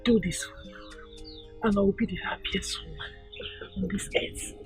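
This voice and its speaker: An actress playing a village mother who pleads slowly, with a Nigerian accent. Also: medium pitch, faint music behind, natural voice. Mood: pleading. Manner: slow, pleading.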